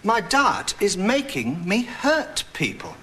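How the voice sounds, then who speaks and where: A grumbling hungry dieter. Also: male voice, sits high, big pitch swings, takes it slowly, a little hiss or hum, exaggerated voice. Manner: grumbling, exaggerated outbursts. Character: grumpy dieting middle-aged man. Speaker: dieting neighbour and friend. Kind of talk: sitcom acting. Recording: loud studio audience laughter.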